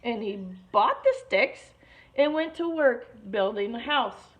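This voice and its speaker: A woman teacher reading a picture book aloud to children, expressive and stopping to explain words, on a muffled lo-fi recording. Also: on the high side, slow pace.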